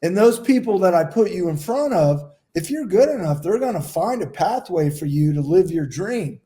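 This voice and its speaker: Mellow-voiced man, emphatic and profane. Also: high voice, expressive, normal speed. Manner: emphatic, profane, talks at length. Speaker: podcast co-host, goalkeeper. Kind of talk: casual round-table chat.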